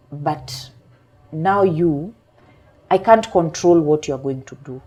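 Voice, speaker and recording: Low, husky-voiced woman coach. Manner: calm, measured explaining with examples. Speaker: emotional intelligence coach. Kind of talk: explanatory talk show interview.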